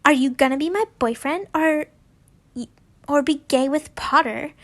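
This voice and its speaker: A woman's voice: high-pitched, unhurried, a bit bright. A woman reading as a pushy, smug schoolgirl. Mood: demanding.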